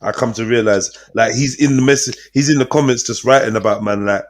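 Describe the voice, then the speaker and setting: A man hosting a casual livestream panel chat, slangy and animated, quick to laugh. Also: medium pitch. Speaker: livestream host.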